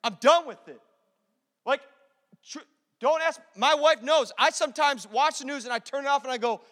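A young adult man preaching a sermon as pastor, animated, moving between loud declarations and hushed, intimate asides. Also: very high voice, moderate pace, big-room sound.

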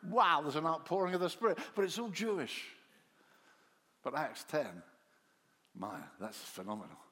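A man preaching a sermon, telling the story in an animated way and acting out the disciples' voices, dropping to soft low tones for quiet lines. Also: normal speed. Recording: long hall reverb.

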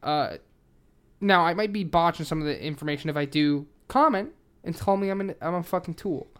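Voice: mid-range voice, expressive, fairly quick, a bit bright, clear, resonant tone. Tipsy podcast host, swears a ton, rambly true crime chat. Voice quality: heavy swearing, loose rambling delivery with many fillers. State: a little tipsy.

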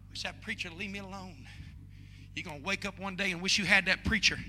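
A man preaching a sermon in a church sanctuary, moving from hushed storytelling to shouted pleading. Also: high voice, fast talker, big-room sound, soft background music. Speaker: pastor.

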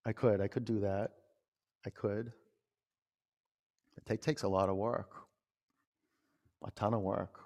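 Gravelly-voiced male yoga teacher, chatty. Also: fairly low pitch, fairly even intonation, unhurried, long pauses, darkish tone, in a large hall. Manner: chatty, rambling, with many "you know"s. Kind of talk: talking while leading a yoga class. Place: yoga studio.

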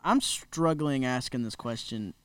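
A man's voice: mid-range voice, measured pace, no echo. A man hosting a casual podcast chat, teasing his guests and cracking jokes. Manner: joking, teasing. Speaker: podcast host.

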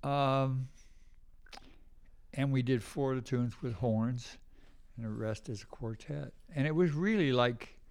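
A man's voice: mid-range voice, unhurried, a little mellow, clear, resonant tone. Older guy telling long stories in a casual interview, does little voices for people. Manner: rambling anecdotes acting out quoted voices. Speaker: guest musician.

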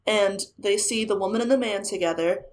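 A woman's voice: mid-range voice, a little fast. A woman casually retelling a ghost story to a friend, acting out the quotes as she goes. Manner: animated retelling with acted quotes. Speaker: podcast co-host retelling a ghost show.

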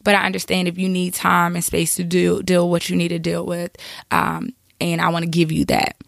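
A woman's voice: lowish voice, moderate pace, vocal fry, no room sound, studio quality. A woman podcast host with a cold, giving casual, chatty advice full of fillers and asides. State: has a cold.

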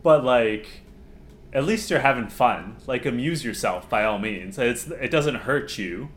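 A man's voice: mid-range voice, expressive, unhurried. A man hosting a casual chat, making blunt, emphatic points and swearing for emphasis. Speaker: podcast host. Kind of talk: casual chat about a reality show.

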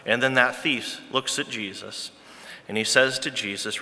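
A man's voice: on the low side, steady tone, a little slow, bright, forceful tone. A man preaching a sermon as pastor, earnest and emphatic, repeating his key phrases. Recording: long reverb from a large hall.

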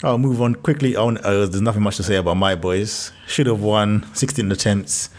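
A man co-hosting a football podcast in casual banter, animated and exasperated, laughing often. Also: lowish voice, a little fast. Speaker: podcast co-host.

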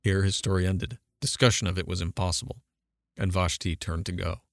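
Low-voiced male audiobook narrator. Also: normal speed, gravelly, no echo, clean studio sound. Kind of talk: scripted narration.

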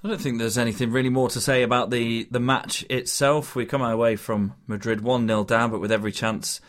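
A man in a casual podcast chat, adding short remarks and steering the talk along. His voice sits in a mid pitch. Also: fairly even intonation, fairly quick, fairly bright tone. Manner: brief interjections and wrap-up remarks. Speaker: podcast co-host.

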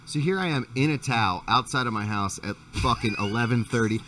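A man's voice: mid-range voice, a little fast, pushed and bright, far from the mic. A man hosting a podcast, telling a rambling, profane story in a casual chat. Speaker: podcast host.

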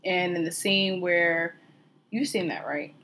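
A woman's voice: lowish voice, takes it slowly, a bit bright, a little hiss or hum. A young woman co-hosting a podcast, talking bluntly and candidly in casual chat, swearing freely. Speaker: podcast co-host.

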